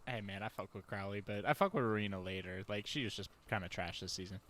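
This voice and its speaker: A laid-back man chatting on a podcast, tossing in slang and quick agreements. His voice is on the low side with a bright, forward tone. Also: fairly even intonation. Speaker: podcast co-host. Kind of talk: casual chat reviewing a TV season.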